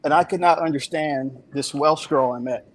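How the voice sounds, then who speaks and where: A man's voice: on the high side, moderate pace, poor audio. A man from the Washington DC and Maryland area with an American accent, talking earnestly on an online panel. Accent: American, Mid-Atlantic (DC/Maryland). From United States. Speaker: panel guest. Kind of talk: casual panel discussion. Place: online voice call.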